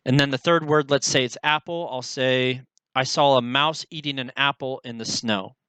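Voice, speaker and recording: A young man talking casually to the camera in a vlog, halting, with many fillers as he searches for words. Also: medium pitch, fairly even intonation, bright, forceful tone, clean tone, no echo, low-quality recording. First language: English. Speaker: language learner.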